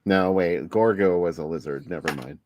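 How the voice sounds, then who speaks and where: Low-voiced man with dry quips. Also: moderate pace, darkish tone, no echo, highs cut off. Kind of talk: casual movie review chat.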